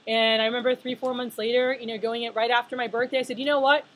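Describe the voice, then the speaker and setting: A woman's voice: a little high, level tone, quick pace, rough recording. A woman in her thirties giving a conference leadership talk, chatty and full of fillers, asking the audience questions. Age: 30s. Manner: chatty, filler-heavy, asks the room questions. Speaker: leadership speaker.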